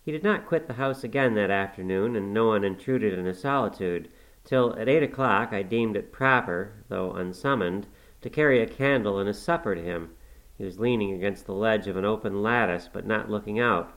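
A man reads a classic novel aloud at a measured, unhurried pace. His voice sits on the low side and slows for descriptive passages. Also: a bit bright, rough recording. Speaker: audiobook narrator.

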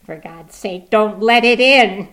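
A man's voice: high-pitched, slow, bright, forceful tone, voice pushed up, heavily acted. A man voicing a terrified old man in a storybook reading, stammering in a shaky voice. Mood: pleading.

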